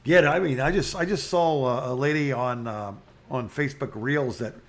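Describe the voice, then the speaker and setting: Easygoing man chatting on a call. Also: medium pitch. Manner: easygoing, quick to laugh. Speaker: podcast co-host. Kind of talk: casual phone chat. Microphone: phone call.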